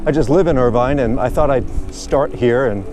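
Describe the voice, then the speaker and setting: A man's voice: mid-range voice, moderate pace. A man chatting casually and rambling good-humoredly while riding his bike outdoors. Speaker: vlogger. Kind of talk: casual narration while cycling.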